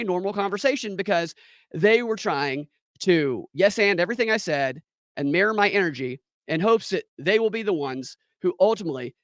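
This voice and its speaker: A man spins a comic story for his podcast, his fairly high voice leaping up and down as he mocks what he describes. The sound is dry and close, with no room around it. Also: a bit bright, no room sound. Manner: sarcastic, mocking. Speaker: podcast host. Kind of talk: comedic storytelling monologue. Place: home recording studio.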